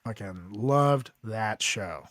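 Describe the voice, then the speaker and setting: A man's voice: lowish voice, animated, takes it slowly, a bit bright, no echo. A man co-hosting a podcast in casual chat, crude and laughing as he tells stories. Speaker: podcast co-host.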